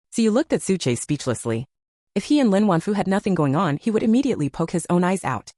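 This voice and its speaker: A woman's voice: medium pitch, big pitch swings, a little fast, a little mellow, no room sound, clean studio sound. Woman reading a romance novel aloud. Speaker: narrator. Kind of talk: scripted narration of a romance novel.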